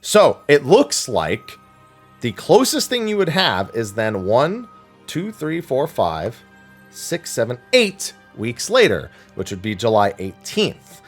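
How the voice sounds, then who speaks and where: Animated man chatting over faint music. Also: mid-range voice, slow pace. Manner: animated, thinking aloud with fillers and restarts. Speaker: streamer answering viewer questions. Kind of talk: casual Q&A chat, reading questions aloud.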